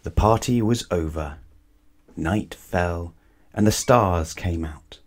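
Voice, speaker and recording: A man reading a children's bedtime story aloud in a calm, measured way. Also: deep voice.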